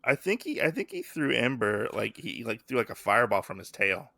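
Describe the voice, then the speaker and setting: Young guy on a podcast, bright punchy voice, dry close mic, acting out lines as he goes. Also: medium pitch, brisk, gravelly, no echo. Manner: animated, acts out characters' lines. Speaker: podcast co-host. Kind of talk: casual chat recapping a comic.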